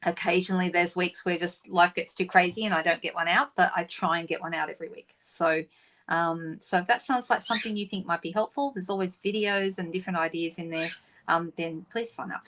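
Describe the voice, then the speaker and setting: A woman's voice: on the low side, fairly even intonation, brisk, a bit bright. A middle-aged woman hosting a papercraft live stream, chatting casually and greeting viewers by name. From Australia.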